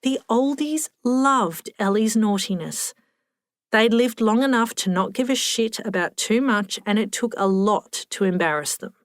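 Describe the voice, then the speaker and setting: A woman narrates a story with a wry, expressive delivery, close to the mic. Her voice sits in a mid range, and the recording is dry with no room sound. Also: medium pitch, measured pace, no room sound. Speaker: audiobook narrator. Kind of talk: scripted narration.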